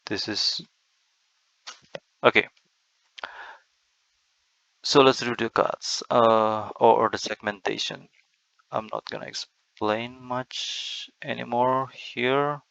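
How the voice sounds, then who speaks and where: A man's voice: fairly low pitch, vocal fry, sharp tone, no echo, highs cut off. A man giving a methodical screen-recorded lecture, walking through slides step by step. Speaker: lecturer on Bible accents.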